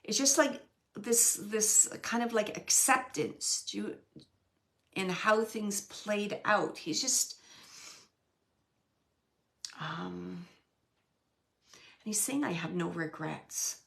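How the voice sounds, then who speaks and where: A woman working as a medium, relaying messages in a soft, halting way that sometimes drops to a whisper. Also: mid-range voice, gravelly. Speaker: medium giving readings. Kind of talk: live mediumship reading.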